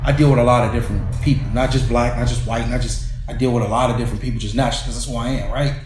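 A man's voice: medium pitch, steady tone, racing, background noise. A man in a casual group chat, telling anecdotes and often checking for agreement with "right?". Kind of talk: casual storytelling. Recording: roomy echo.

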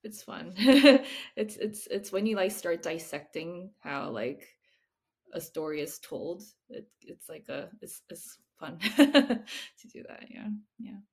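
A woman author with a low, gravelly voice talks through her book in a relaxed interview. She hedges her way through thoughts with plenty of "like" fillers and slips into laughter often. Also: slow. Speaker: picture book author and illustrator. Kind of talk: casual interview chat.

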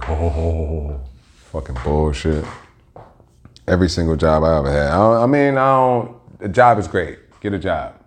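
A man's voice: very deep voice, moderate pace. A man hosting his own podcast, telling stories in a rambling, slangy, heavily profane monologue. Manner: rambling, slangy, heavy swearing. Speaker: podcast host.

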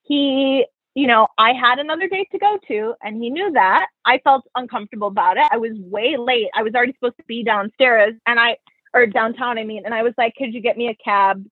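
A woman's voice: a little high, brisk, husky, dry recording. Woman telling a story over tinny phone-like audio. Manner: animated, profane, quotes people in her stories. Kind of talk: casual storytelling chat. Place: New York.

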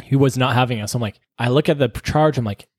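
A man's voice: mid-range voice, fast talker, dry recording, clean studio sound. A man telling a story from his paramedic work in casual chat, acting out what people said and swearing freely. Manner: animated storytelling, acts out quotes, swears freely.

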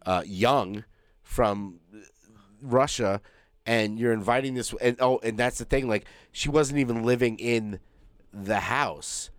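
A man co-hosting a podcast, talking casually and profanely in a rambling way, often slipping into quick mimicked quotes. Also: mid-range voice, dry recording, clean studio sound. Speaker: podcast co-host. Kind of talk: casual chat.

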